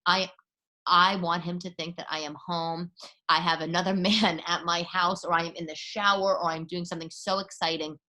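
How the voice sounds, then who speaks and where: A woman's voice: fairly low pitch, steady tone, moderate pace, pushed and bright. A woman, hosting a casual monologue podcast. She is chatty and sarcastic and acts out texts in mocking voices. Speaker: podcast host.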